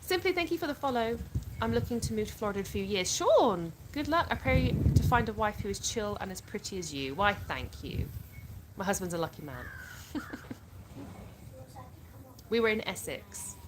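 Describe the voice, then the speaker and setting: A woman reads viewer comments aloud during a laid-back livestream at home, chatting about each one. She has a mid-range voice with lively intonation, a moderate pace and frequent pauses, and there are clicks and background noise in the otherwise clear recording.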